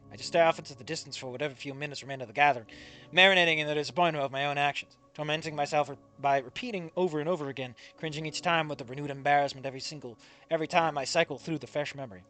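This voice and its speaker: A man reading fanfiction aloud and breaking off into comedic asides, swearing freely and quick to laugh at the text. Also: a little high, bright, forceful tone. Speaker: fanfiction reader and commentator.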